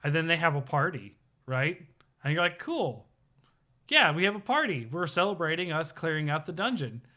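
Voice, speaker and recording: A man's voice: on the high side, moderate pace. A man co-hosting a live stream, telling a game story in casual chat with lots of fillers and acted-out quotes. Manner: animated storyteller, acts out quotes, many fillers. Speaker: podcast co-host. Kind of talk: casual chat about video games.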